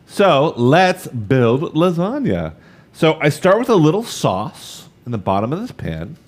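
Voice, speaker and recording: A man's voice: on the high side, big pitch swings, a little slow. A man in his thirties leading a live cooking demonstration, chatty and upbeat, talking straight to the viewers as he works. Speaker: cooking instructor.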